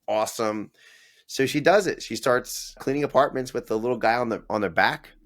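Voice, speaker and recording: A man's voice: medium pitch, fairly quick. A man in his forties, a business owner telling his story in a casual interview, acting out the voices of people he quotes and laughing often.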